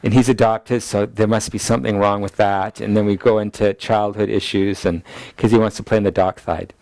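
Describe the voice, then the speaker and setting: A middle-aged man, a pastor, teaching a class in a relaxed, chatty way and laughing at his own family stories. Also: lowish voice, fairly quick, creaky, no room sound. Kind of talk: teaching lecture with family anecdotes.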